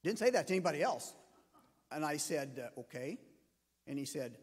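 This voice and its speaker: A man's voice: a little high, very animated, moderate pace, breathy edge, in a large hall. A man, a pastor, preaching a sermon and telling a story, acting out the voices of the people in it. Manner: storytelling, acts out quoted voices.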